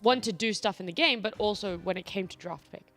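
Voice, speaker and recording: A woman's voice: mid-range voice, brisk, fairly bright tone. A woman hosting an esports broadcast desk, playful and teasing with her co-hosts. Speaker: esports host. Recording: faint music behind.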